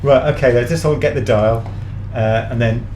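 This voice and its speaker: A man hosting a home-made comedy radio show, chatting politely at a mid pitch and rambling with plenty of ums and uhs. A faint noise hums under his voice. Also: fairly even intonation, normal speed. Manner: polite, rambling with many fillers. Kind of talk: comic improvised radio chat.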